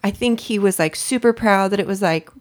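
A woman's voice: mid-range voice, a little fast. A woman co-hosting a podcast, telling travel and family stories in a chatty, rambling way and laughing often. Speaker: podcast co-host. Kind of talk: casual chat.

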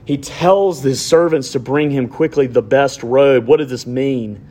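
A man preaches a sermon at a measured pace in a medium-pitched voice, climbing to loud, emphatic points and then dropping to hushed, intimate near-whispers.

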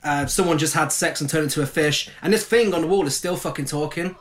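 A man's voice: a little high, quick pace. A man on a podcast in casual film discussion, hesitant at first and swearing casually.

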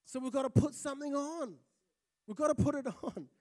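A pastor who grew up in Fiji, giving a lively, conversational sermon and often checking in with listeners. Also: male voice, extremely high pitch, brisk. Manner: lively, conversational, often asks the crowd "right?".

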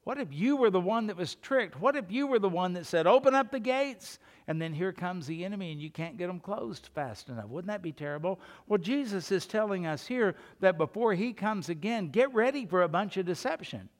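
An older man preaching a sermon as pastor, rising to loud calls and dropping to quiet asides. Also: high voice, lively intonation, fairly quick, hardly any pauses.

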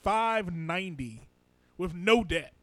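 A man co-hosting a comedy podcast in casual banter, animated and emphatic, often laughing. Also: high-pitched, slow, no room sound, rough recording. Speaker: podcast co-host. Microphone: studio microphone.

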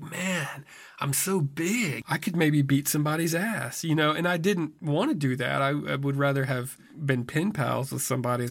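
A man telling a personal story in a wry, self-deprecating, conversational way, full of casual fillers. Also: mid-range voice. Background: music score.

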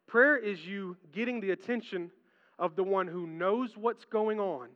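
A male pastor preaching a sermon in a large hall, telling stories animatedly and swinging from hushed tones to excited ones. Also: high voice, a little slow. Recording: reverberant hall, dull lo-fi sound.

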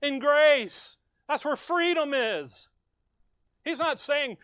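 A pastor with an extremely high, lively and slightly bright voice preaches a sermon in a dry recording. He reads scripture aloud in slow, stressed phrases, then fires questions at the congregation and answers them himself.

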